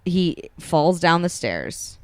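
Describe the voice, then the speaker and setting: Young woman podcast host, low smooth voice, dry close sound, casually recaps a story and voices the characters. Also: takes it slowly, dry recording. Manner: animated retelling, acts out characters' lines. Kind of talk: casual chat, retelling a romance story.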